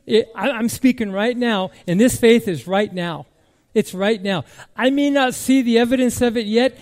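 Emphatic high-voiced male pastor. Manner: emphatic, repeats key words, swings from loud declarations to quiet musing. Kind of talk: sermon.

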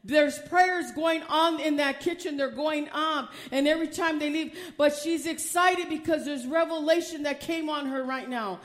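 Older woman, preacher, high voice, fervent emphatic sermon, laughs often. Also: normal speed. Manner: reads scripture aloud with stumbles.

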